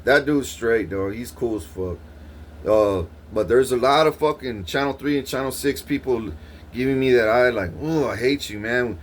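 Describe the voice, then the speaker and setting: A man's voice: moderate pace, slight background noise. Profane ranting man, rambling and heated. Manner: rambling, swearing, threatening, pitch rising sharply when heated. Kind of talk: profane angry monologue.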